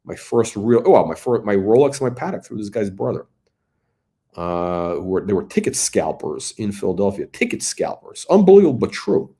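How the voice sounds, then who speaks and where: A middle-aged man with a lowish voice chats through a casual watch review. He rambles and searches for words, and his pitch swings widely as he tells stories. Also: big pitch swings, moderate pace, warm tone. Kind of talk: casual commentary and storytelling.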